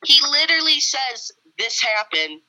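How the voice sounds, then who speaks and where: A woman's voice: high voice, very animated, measured pace, pushed and bright, low-quality recording. A woman co-hosting a casual true-crime chat, blunt and emphatic.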